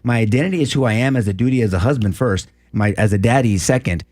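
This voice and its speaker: Brief: quick, earnest man, repeats himself, conversational guest. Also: mid-range voice, darkish tone. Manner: earnest, repeats phrases, fast restarts. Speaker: former district attorney, guest. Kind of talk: casual conversational talk.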